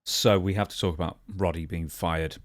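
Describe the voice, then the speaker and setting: A man's voice: deep voice, fairly even intonation, moderate pace, no room sound, studio quality. A man co-hosting a podcast, chatting casually in a polite, somewhat hesitant way. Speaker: podcast co-host. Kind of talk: casual chat.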